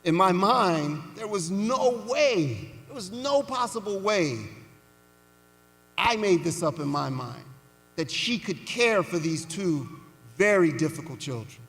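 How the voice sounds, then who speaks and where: A man giving a commencement speech, telling a story slowly and deliberately with pauses for weight, in a large indoor arena. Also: high voice, lively intonation, fairly bright tone, faint music behind. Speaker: commencement speaker. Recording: reverberant arena sound.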